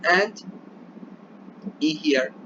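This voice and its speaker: A male English teacher with a Colombian Spanish accent walks his students through a recorded remote lesson, often pausing to ask "yeah?". His voice sits a little higher than most men's. The recording is dull and lo-fi, with clear noise behind him. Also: animated. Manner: switches between English and Spanish, checks in with "yeah?".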